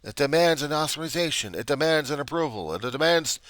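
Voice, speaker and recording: A man's voice: fairly high pitch, lively intonation, quick pace, fairly bright tone, no room sound. A man talking in a personal video diary, brooding and repeating himself, often dropping to a mutter or a whisper. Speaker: vlogger.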